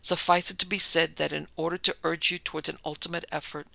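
A woman's voice: sits low, level tone, fast talker, vocal fry, sharp tone, exaggerated voice. A man reading the part of an anguished noblewoman who pleads formally and tragically with her old love. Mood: pleading.

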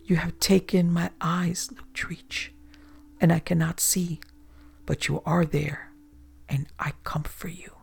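A man voicing the vengeful ghost of a drowned woman, speaking in a breathy whisper from the water. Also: a little high, steady tone, slow pace, exaggerated voice. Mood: menacing.

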